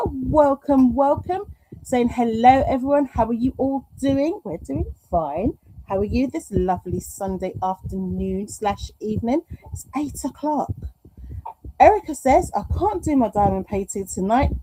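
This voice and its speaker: A woman's voice: on the high side, dark tone, slight background noise, poor audio. A middle-aged woman hosting a live stream at home, chatting and reading out viewer comments in a rambling, affectionate way. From United Kingdom. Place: home room.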